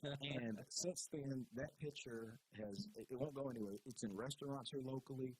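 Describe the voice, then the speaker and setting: Kentucky-raised man telling an animated story. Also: medium pitch, normal speed. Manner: lively, emotional storyteller who laughs often. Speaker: guest, police chief. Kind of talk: casual storytelling interview. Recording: noisy background hiss.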